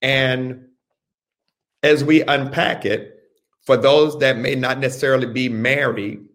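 A man teaching a Bible study as a pastor, speaking deliberately, repeating phrases and telling listeners what to underline and circle. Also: medium pitch, fairly even intonation, a bit bright. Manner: slow, deliberate, repeats phrases and gives instructions.

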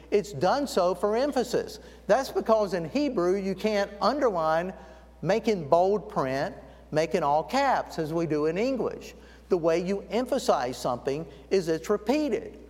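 Brief: male preacher, high voice, storytelling sermon, recorded in a church with a long reverb tail. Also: a little mellow. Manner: storytelling, slows down to stress key words. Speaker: guest preacher. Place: church sanctuary.

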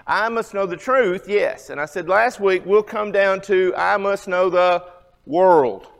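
A man in his fifties teaches a church Bible class, high in pitch and conversational. He keeps asking his listeners questions. His voice rings on in a long hall echo. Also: measured pace, vocal fry. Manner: conversational, asks the audience questions.

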